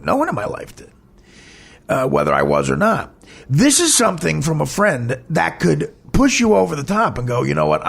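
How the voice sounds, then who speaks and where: A man's voice: on the high side, vocal fry, slightly rough. A man, a comedian hosting a podcast, telling a candid personal story in a blunt, emphatic, heated way.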